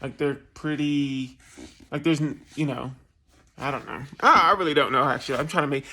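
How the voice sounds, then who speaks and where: Animated man telling a funny travel story. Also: fairly high pitch, normal speed. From New Jersey, USA. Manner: animated, self-mocking, laughs often, voices other people. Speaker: travel vlogger. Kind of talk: casual storytelling to camera.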